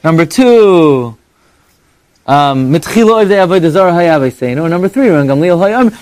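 Animated high-voiced man teaching a class. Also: no echo. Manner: animated and conversational, jumps between high exclamations and low asides; quick rhetorical questions and mock dialogue. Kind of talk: evening Torah class before a live audience.

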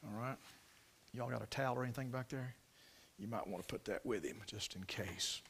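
A man preaching a sermon in a folksy storytelling way, swinging from loud emphasis to hushed near-whispers. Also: medium pitch, fairly quick, slight background noise.

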